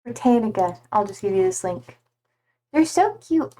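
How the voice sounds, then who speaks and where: A woman's voice: medium pitch, lively intonation, dark tone. A woman chatting casually on a live stream, playful and giggly. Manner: giggly and playful, slow drawn-out talk.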